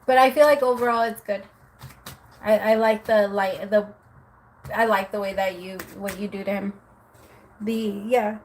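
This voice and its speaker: A woman's voice: a little high, fairly even intonation, moderate pace, a little hiss or hum. A woman giving a live-stream tarot reading, chatty, with many filler words, calling the viewer "my love". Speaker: tarot reader.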